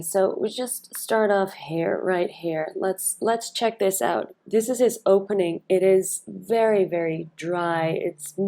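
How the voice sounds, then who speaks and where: A woman with a lowish, darkish-toned voice works as a speaking and storytelling coach. She analyses a speech in a video, chatting and thinking aloud with fillers and restarts while stressing key words.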